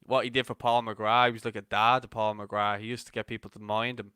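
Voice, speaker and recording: An Irish man co-hosting a live football watch-along, chatting casually and telling animated anecdotes. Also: lowish voice, a little fast, clear, resonant tone, dry recording, clean studio sound. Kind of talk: casual chat.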